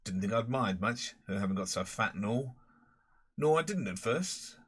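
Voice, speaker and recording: A man's voice: fairly low pitch, lively intonation, moderate pace, a bit bright, breathy edge. A man voicing a boastful, rambling middle-aged London pub owner and former crook with a Cockney accent.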